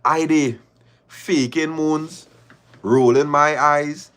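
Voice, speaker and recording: A man's voice: mid-range voice, very slow, creaky, pauses often. A man, hosting a live show and reading listener stories aloud with laughing, mock-outraged asides.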